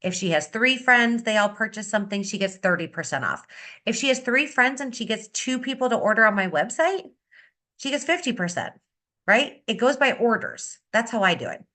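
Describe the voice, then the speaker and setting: A woman beauty consultant giving an upbeat, energetic sales-training talk on a video call, repeating her key advice. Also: a little high, normal speed. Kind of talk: coaching talk on a video meeting.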